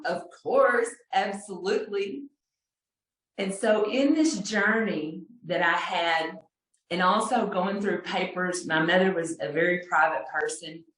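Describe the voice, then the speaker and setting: A middle-aged woman from Texas telling a personal story on a video call, unhurried and halting, with fillers and soft laughs. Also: lowish voice, recorded from a distance. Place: home room on a video call. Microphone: video call mic, set back. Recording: roomy echo, voice off-mic.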